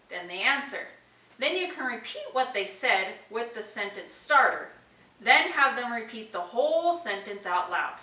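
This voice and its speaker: A woman's voice: a little high, pushed and bright, far from the mic. A woman presenting an instructional video to parents, explaining activities step by step with spoken examples. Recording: echoey room, voice a bit off-mic.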